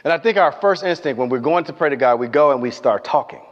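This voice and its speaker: A man preaching a sermon, telling a Bible story in a lively way, acting out the voices and asking the congregation questions. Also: mid-range voice, fast talker. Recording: dull lo-fi sound with long hall reverb.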